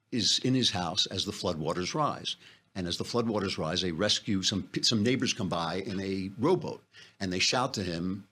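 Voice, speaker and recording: A man's voice: lowish voice, pushed and bright, breathy edge. A man hosting a political commentary podcast, delivering an impassioned, sarcastic monologue. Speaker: podcast host.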